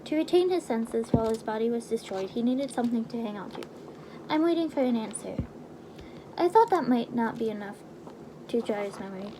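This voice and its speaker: Woman reader, high voice, casual read-aloud with slips, faint background hiss. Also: lively intonation, fast. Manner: casual, stumbles and restarts over words. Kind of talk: reading a game novelization aloud.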